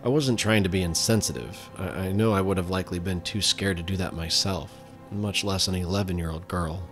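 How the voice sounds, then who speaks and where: Male podcast host, very deep voice, measured scripted narration. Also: fairly even intonation, over music.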